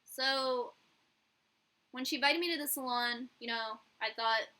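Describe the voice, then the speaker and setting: Young woman, YouTuber, candid profane vlog storytelling, bright crisp voice, slightly high. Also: a little slow, rough recording. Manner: candid and profane, acts out quoted dialogue. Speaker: YouTuber and hairstylist.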